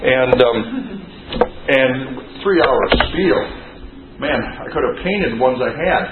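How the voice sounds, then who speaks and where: A man's voice: medium pitch, lively intonation, slow pace. A man preaching a conversational expository sermon, reading scripture aloud and acting out quoted voices with humor. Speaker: pastor. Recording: tinny phone-like sermon recording with faint hiss.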